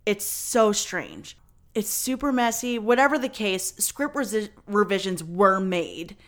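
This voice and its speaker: A woman's voice: medium pitch, a little slow, fairly bright tone. A woman hosting a podcast, telling a story in casual chat with lots of fillers and some swearing. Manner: chatty, many fillers, swears. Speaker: podcast host.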